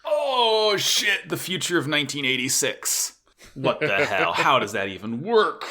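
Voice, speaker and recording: A man co-hosting a podcast, chatting excitably and swearing often. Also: mid-range voice, moderate pace. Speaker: podcast co-host. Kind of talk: casual chat.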